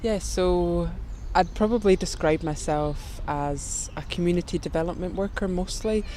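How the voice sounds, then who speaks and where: Community worker chatting outside, relaxed, faint background noise. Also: mid-range voice, moderate pace. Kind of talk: casual interview. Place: outdoors in a garden.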